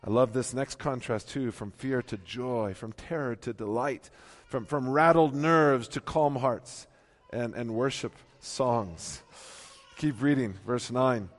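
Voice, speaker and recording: A male pastor preaching a sermon, swinging from hushed reading to loud emphatic peaks. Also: mid-range voice, slow pace. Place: church. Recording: long hall reverb.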